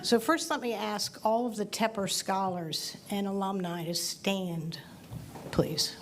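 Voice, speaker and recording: A middle-aged woman professor giving closing remarks at a ceremony, telling a gently humorous story. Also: mid-range voice, slow, background noise. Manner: warm, lightly humorous storyteller.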